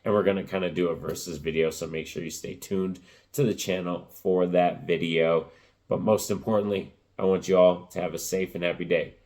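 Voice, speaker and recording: A man giving a casual spoken movie review, rambling with lots of fillers, his voice cracking and rough. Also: low-pitched, fairly even intonation, fairly quick, darkish tone.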